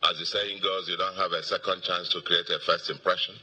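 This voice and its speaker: A middle-aged Nigerian man, a governor, giving an emphatic victory speech to supporters, repeating key words and pausing with fillers. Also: deep voice, flat delivery, sharp tone, breathy edge. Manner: emphatic, repetitive oratory with pauses and fillers. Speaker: state governor.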